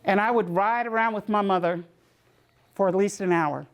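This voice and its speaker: A woman gives a community health talk. She tells her own stories in a lively way and acts out the voices of the people in them. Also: medium pitch, normal speed. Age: 60s. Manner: lively storytelling, acting out voices in quotes. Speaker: presenter.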